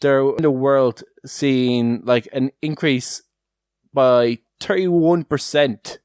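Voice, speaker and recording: Chatty Irish man with a smooth, dry voice. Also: mid-range voice, slow pace, a little mellow, no echo. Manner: chatty, laughs often, many "like" fillers. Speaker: podcast host. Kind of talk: casual podcast chat.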